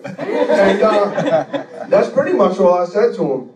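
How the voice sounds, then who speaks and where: A man in his forties performs comic storytelling for a laughing audience, profane and laid-back in a street way. His voice sits high with big swings in pitch, a slow pace, long pauses and a darkish tone. The highs are cut off, and the audio is echoey from a distant mic.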